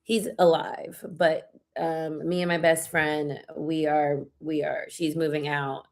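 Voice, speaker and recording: Slow-talking emotional woman reading tarot. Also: deep voice, level tone. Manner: emotional, heartfelt, spiritual pep-talk. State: sad, near tears. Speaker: tarot reader. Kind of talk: live-stream tarot reading.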